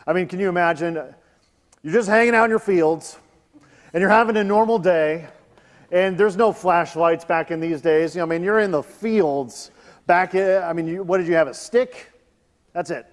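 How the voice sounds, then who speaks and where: A man in his thirties preaches in a church, his voice sitting fairly high. He moves between reading scripture and relaxed, joking talk with the congregation. Long reverb from the hall trails after his words. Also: moderate pace. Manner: conversational, joking asides. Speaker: pastor. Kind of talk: sermon.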